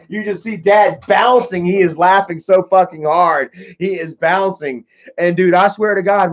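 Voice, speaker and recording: A young man on a livestream, telling loose, profane stories in a slightly raised voice. The audio is dull and lo-fi, like a cheap stream mic. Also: high-pitched. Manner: swearing, laid-back storytelling. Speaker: livestream host. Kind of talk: casual storytelling livestream.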